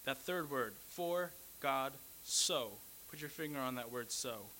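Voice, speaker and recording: A man's voice: medium pitch, lively intonation, a little slow, sharp tone, slight background noise, low-quality recording. A man preaching a sermon, teaching earnestly, repeating key phrases and correcting himself mid-sentence.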